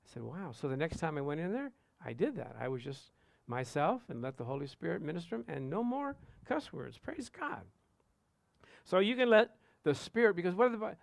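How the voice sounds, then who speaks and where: High-voiced pastor preaching with stories. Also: male voice, creaky, no room sound. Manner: animated storytelling, asks congregation "Amen?". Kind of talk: sermon with personal stories.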